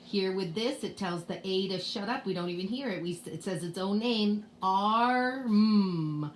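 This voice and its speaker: A woman's voice: medium pitch, fairly quick, slight background noise. A middle-aged woman teacher with a Boston accent, explaining spelling rules to parents in a home video lesson, patiently sounding out letters. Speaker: kindergarten teacher.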